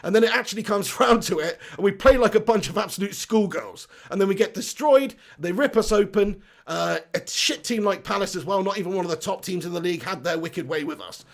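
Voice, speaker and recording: Lad doing a fan livestream, kinda high voice w lots of gravel, sweary jokey banter. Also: male voice, a little fast, hardly any pauses. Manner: blunt, sweary, jokey banter reading out viewer comments. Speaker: fan channel livestream host. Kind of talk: casual livestream chat.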